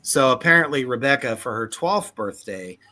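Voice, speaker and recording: A man hosting a comedy podcast, chatting casually in an animated, profane way and laughing often. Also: mid-range voice, moderate pace. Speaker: podcast host.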